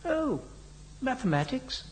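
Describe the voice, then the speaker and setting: Man doing a smug young pilot, offhand, casual, lively pitch. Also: slow pace, exaggerated voice.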